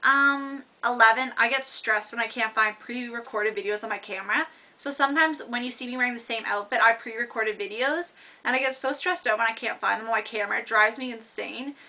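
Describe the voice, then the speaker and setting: A woman's voice: fairly high pitch, a little fast, sharp tone. A young woman in university chatting casually to camera, rambling with lots of fillers and restarts. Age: young adult. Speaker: vlogger.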